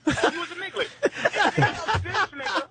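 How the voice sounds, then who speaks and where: A man's voice: very high voice, measured pace, gravelly, very noisy. A man calling in to a radio show, joking in a rambling, wry way. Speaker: guest calling in. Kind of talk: casual radio banter.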